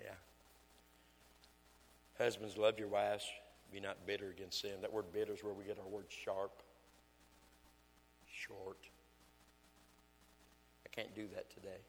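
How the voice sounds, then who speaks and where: A man's voice: on the low side, level tone, measured pace, long pauses, in a large hall, slight background noise. An older man, an evangelist, preaching a folksy sermon full of home stories and asides. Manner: folksy storytelling, acts out his wife's lines. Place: church sanctuary.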